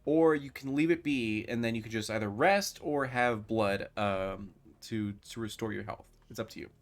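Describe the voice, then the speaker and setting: Man, game master, casual tabletop narration, filler-heavy, medium pitch. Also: normal speed. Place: home streaming setup.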